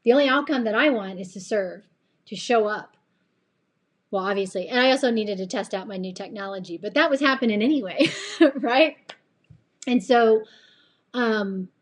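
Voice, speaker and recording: A woman with a slightly tired voice giving an earnest, chatty faith-based motivational talk on a live stream, rambling and laughing often. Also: medium pitch. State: voice a bit tired late at night. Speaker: live-stream host and coach.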